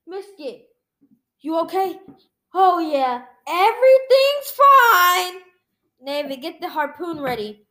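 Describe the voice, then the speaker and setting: Woman reading a comic aloud, high voice, unhurried, speaks the sound effects too. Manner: reads out sound effects and dialogue alike. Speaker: storyteller reading a graphic novel aloud. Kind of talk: read-aloud storytelling.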